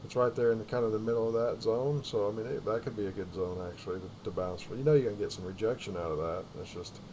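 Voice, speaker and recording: A man's voice: on the low side, fast talker, a little mellow, a little hiss or hum. Man thinking aloud over dull audio. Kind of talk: casual trading talk.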